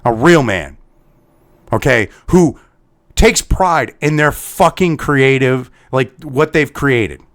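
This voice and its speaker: A man's voice: medium pitch, lively intonation, slow. A man ranting as a commentator, heated and sarcastic, swearing constantly. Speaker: online commentator. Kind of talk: angry profane rant.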